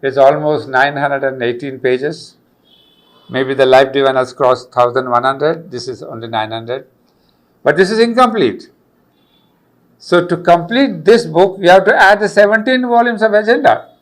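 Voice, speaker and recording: A man's voice: fairly high pitch, normal speed. An older man, giving an earnest spiritual lecture on yoga and repeating key phrases for emphasis. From India.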